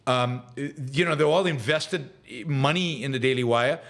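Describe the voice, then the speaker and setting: Fielding viewer questions on a live show, this man offers strong opinions, his gravelly, fairly bright, medium-pitched voice at a normal speed. He gets emphatic and builds into heated ranting, but falls into fillers and repeated words when thinking things over.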